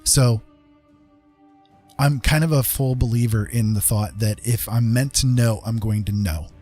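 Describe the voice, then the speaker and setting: A man hosting a casual live-stream chat, earnest and reassuring, talking haltingly with many fillers and restarts. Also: mid-range voice, mellow, faint music behind. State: getting a little emotional.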